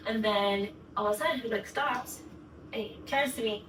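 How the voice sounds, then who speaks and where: Recorded in an echoey room with a distant mic and background noise, a young woman vlogger tells a story to camera in a gushing, chatty manner, using "like" a lot. Her voice is a little high and moves at normal speed.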